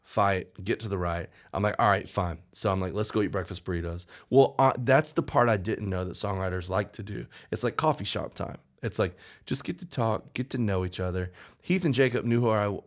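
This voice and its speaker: A man's voice: on the low side, a little fast. A male songwriter telling a story in casual chat, acting out the people he quotes. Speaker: songwriter guest.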